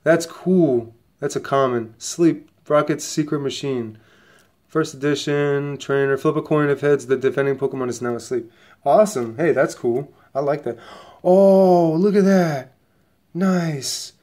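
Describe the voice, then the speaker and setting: A man hosting his own casual unboxing vlog, talking excitably and rambling straight to his viewers while sniffly from a coming cold. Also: mid-range voice, normal speed. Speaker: channel host opening trading cards.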